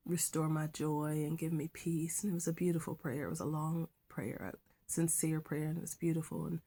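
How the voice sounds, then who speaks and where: A middle-aged schoolteacher with a low-pitched voice shares a personal faith testimony. She speaks softly and haltingly, sometimes dropping to a whisper.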